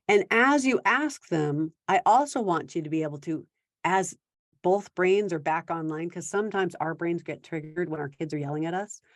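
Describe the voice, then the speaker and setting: A woman giving parenting advice in a conversational talk, now and then acting out quick quoted exchanges between parent and teen. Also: fairly low pitch, no room sound, studio quality. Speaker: parenting coach.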